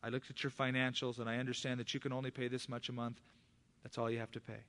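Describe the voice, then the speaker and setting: A man's voice: medium pitch, level tone, quick pace, a bit bright, natural voice. A man playing an earnest middle-aged landlord who talks plainly and leans in to confide. The voice stays close to the speaker's own. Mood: generous.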